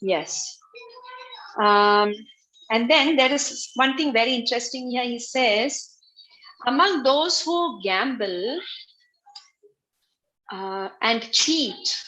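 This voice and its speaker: A woman giving a religious class over a video call, explaining slowly and patiently, often repeating her phrases. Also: on the high side, expressive, bright, forceful tone, poor audio. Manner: slow, repetitive, patient explaining. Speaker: spiritual teacher.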